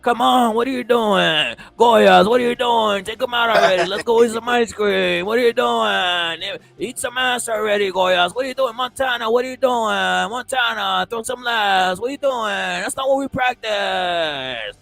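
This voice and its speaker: A man's voice: sits high, normal speed, creaky, hardly any pauses, fairly bright tone, pitched above the performer's own voice. A man putting on a pushy, impatient boxing trainer barking at his fighter from the corner. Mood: nagging. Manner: pushy, repetitive nagging.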